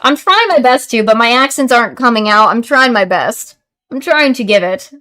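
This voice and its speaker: A woman streaming a game, reading its dialogue aloud haltingly and apologizing for her attempts at voices. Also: on the high side, animated, bright, forceful tone. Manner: apologetic, self-correcting, reads lines haltingly.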